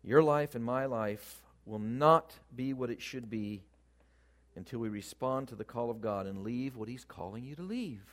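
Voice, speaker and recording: A man preaching a sermon, speaking with animated emphasis that rises and falls in loudness. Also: medium pitch, moderate pace.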